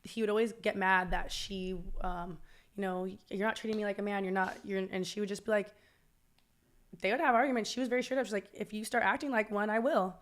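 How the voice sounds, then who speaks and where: A woman's voice: medium pitch, steady tone. Frank, chatty young woman. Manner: frank, chatty, quick to agree. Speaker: guest. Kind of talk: casual conversation.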